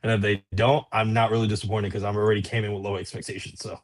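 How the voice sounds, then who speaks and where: A man's voice: lowish voice, level tone, fast. A man on a movie podcast panel, talking in an easygoing, casual way and often repeating himself.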